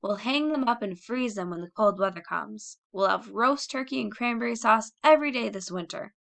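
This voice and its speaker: A woman's voice: on the high side, normal speed, gravelly, a bit bright. A woman voicing a proud, indignant pioneer mother. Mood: defiant. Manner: fierce, dignified outbursts. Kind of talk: audiobook character reading.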